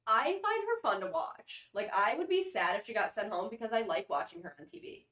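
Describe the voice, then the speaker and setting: A woman's voice: on the high side, very animated, brisk, fairly bright tone. Chatty young woman in an echoey room. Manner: chatty, opinionated, uses "like" a lot. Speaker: podcast co-host. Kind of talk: casual chat.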